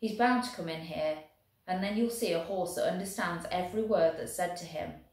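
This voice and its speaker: A woman voicing a gentle, devoted young male soldier who talks soothingly to a horse. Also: lowish voice, moderate pace, natural voice. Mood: earnest. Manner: soft, soothing talk to a horse. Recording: very echoey room.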